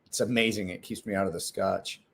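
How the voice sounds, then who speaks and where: A man's voice: low voice, fairly even intonation, fairly quick, creaky, breathy edge. Rambling, casual man livestreaming. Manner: rambling, self-interrupting, swears casually. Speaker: livestream host.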